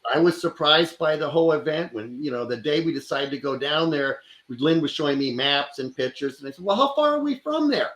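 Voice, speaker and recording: A man co-host telling an anecdote in a relaxed, conversational way. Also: a little high, fairly quick, few pauses. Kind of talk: interview storytelling. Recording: echoey, distant from mic.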